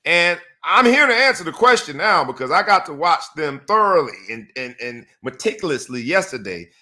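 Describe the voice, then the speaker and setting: A man hosting a casual sports talk show, emphatic and animated, repeating phrases for effect. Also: fairly high pitch, moderate pace.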